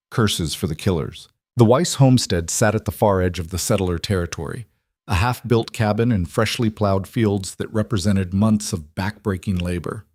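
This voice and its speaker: Low-voiced man narrating a western. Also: a little mellow, no echo, studio quality.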